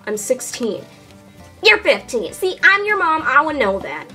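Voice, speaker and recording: A woman voicing a loud, dramatic mother who talks sassily in a doll series. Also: high voice, sing-song, a little slow, soft background music, exaggerated voice. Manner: loud and theatrical, with a sassy catchphrase.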